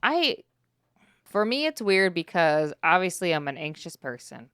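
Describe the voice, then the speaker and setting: A woman co-hosting a podcast, telling a story calmly and matter-of-factly in casual chat. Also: lowish voice, a little slow, clear, resonant tone, no echo, studio quality. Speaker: podcast co-host.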